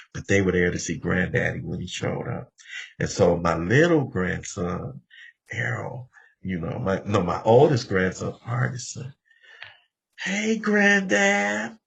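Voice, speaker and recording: Seventy-year-old man, deep raspy voice, telling his recovery story to a meeting. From Los Angeles. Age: 70s. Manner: conversational storytelling, often addressing the room directly. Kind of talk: personal recovery share.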